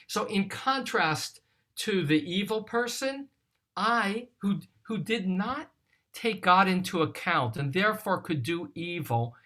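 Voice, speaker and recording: Slow, deliberate scripture teacher. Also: medium pitch, animated, bright, forceful tone. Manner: slow and deliberate, reads verses and Hebrew aloud and explains them. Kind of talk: recorded study lesson on a psalm.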